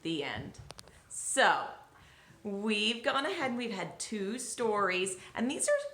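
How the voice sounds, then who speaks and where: A woman teacher doing a children's read-aloud, gentle and chatty with her young listeners. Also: fairly high pitch, lively intonation, takes it slowly, slight background noise. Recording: roomy echo.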